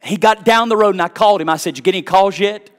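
Middle-aged male pastor, fervent storytelling preacher, higher-pitched voice, hushed to shouting. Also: fast. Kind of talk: sermon with storytelling.

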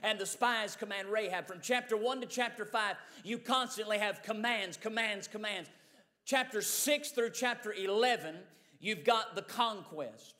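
A man's voice: high-pitched, pushed and bright. A man preaching a sermon in a church, repeating phrases rhythmically and building to fervent Pentecostal intensity. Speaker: pastor. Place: church sanctuary. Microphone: mic run through a sound board.

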